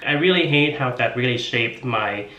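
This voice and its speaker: A man's voice: mid-range voice, lively intonation, moderate pace, sharp tone, dull audio. A man in his twenties from Vietnam, talking casually and playfully to the camera as a vlogger, full of filler words. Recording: roomy echo.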